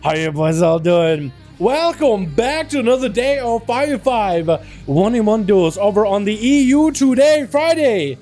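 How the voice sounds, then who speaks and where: A young man hosting a game livestream, chatting casually and excitably, greeting his chat with lots of slang. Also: sits high, measured pace, hardly any pauses, faint music behind. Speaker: streamer hosting game duels.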